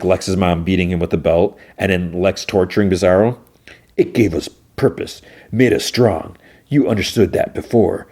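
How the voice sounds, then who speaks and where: Male podcast host with a deep voice, loosely recapping an episode at home. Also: a little mellow. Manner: loose retelling, quoting characters with "he's like".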